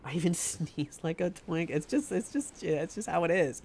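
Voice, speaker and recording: A man chats casually with viewers while live-streaming a game from home into a desk microphone. He jokes around, pokes fun at himself and laughs a lot, speaking at a moderate pace in an expressive voice that's on the high side and a little mellow.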